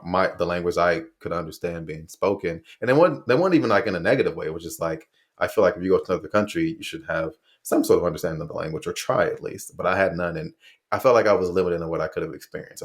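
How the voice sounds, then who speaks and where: Fast-talking deep-voiced man hosting a podcast. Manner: rambling, self-correcting, animated asides. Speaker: podcast host. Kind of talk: casual conversational interview.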